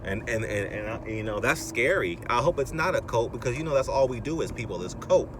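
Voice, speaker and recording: A man's voice: mid-range voice, lively intonation, fairly quick. A man in his thirties ranting in a rambling monologue while driving, his voice rising into exasperated outbursts. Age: 30s. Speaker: vlogger. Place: in a car, driving. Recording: car road noise in background.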